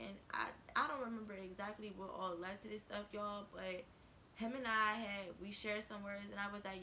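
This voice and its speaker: Bright-voiced young woman telling a story. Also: medium pitch, normal speed, a little hiss or hum, rough recording. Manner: animated, slangy, swears freely. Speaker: vlogger. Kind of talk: casual storytime.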